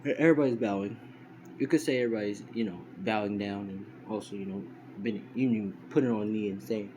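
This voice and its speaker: Rambling young man, low voice, noisy phone recording. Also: a little fast, dark tone. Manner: rambling, heavy on fillers and self-corrections. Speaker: fan storyteller. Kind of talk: casual retelling of a fan story. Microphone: phone screen recorder.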